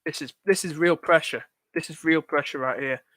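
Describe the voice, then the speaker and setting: Chatty and anxious, this young man muses aloud to his live-stream audience as a fantasy football streamer. He speaks at a normal pace with a fairly high, bright, forceful voice, and the recording is dry and of studio quality.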